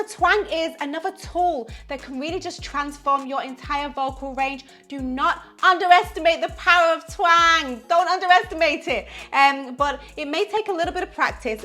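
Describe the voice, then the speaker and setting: A young woman leads an online singing lesson with upbeat enthusiasm. Her voice sits high and sounds bright and forward. Faint music plays behind her. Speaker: vocal coach.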